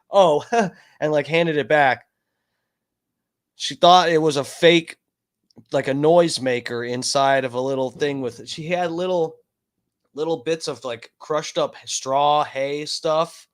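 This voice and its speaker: A man hosting a casual livestream from home, rambling and swearing heatedly. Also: medium pitch. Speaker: livestream host.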